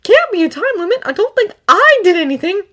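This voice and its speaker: A woman's voice: extremely high pitch, big pitch swings, brisk, sharp tone, voice pushed up, full character voice. A woman voicing an earnest teenage boy hero who speaks in urgent, breathless outbursts. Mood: puzzled.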